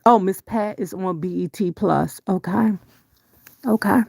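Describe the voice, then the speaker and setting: A middle-aged woman holds forth in casual live-stream commentary, answering her chat in an unhurried, dark, gravelly voice. She is blunt and profane, full of rhetorical questions, and her pitch leaps up sharply whenever she exclaims. The sound is dry and close. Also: dry recording. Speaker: vlogger reading live chat.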